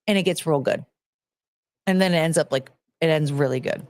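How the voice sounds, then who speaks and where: A woman's voice: lowish voice, expressive, moderate pace, a little mellow. A woman hosting a podcast, ranting bluntly and casually, swearing and restarting her sentences. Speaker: podcast host. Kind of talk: casual opinionated rant.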